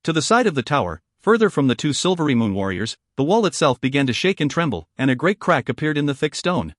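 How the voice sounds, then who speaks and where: A man narrating a fantasy audiobook in an even, storytelling manner. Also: a little high, quick pace, no room sound, studio quality.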